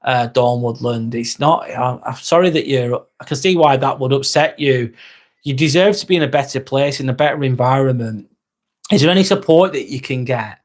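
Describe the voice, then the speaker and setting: This livestream host is a man in his forties with a mid-range voice and a moderate pace. His talk is loose and casual, with occasional swearing and viewer comments read out loud.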